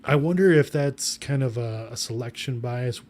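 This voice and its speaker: A man's voice: medium pitch, normal speed, darkish tone. A man co-hosting a podcast in casual chat, asking thoughtful questions and teasing his partner wryly. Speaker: podcast co-host.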